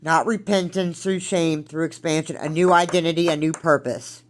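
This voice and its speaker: A woman's voice: low voice, fairly even intonation, moderate pace. A woman hosting a podcast, giving an earnest spiritual self-help talk, candid and blunt with occasional swearing, speaking from her own recovery. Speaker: podcast host.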